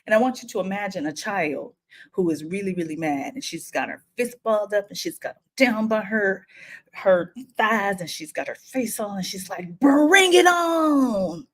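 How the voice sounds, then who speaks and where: Woman, late 40s, animated storyteller, mid-pitched voice. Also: moderate pace. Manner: animated, acts out quotes, frequent laughs. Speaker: speaker telling a personal story. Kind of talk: casual storytelling to camera.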